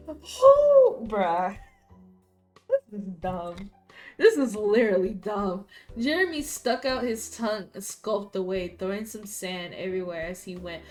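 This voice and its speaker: A woman streamer reads a story game aloud in a mid-range voice. She keeps breaking off into loud, profane, excitable reactions. Faint game music plays softly under her voice. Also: medium pitch, takes it slowly, long pauses. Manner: loud, profane, excitable outbursts between plain reading. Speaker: gaming streamer.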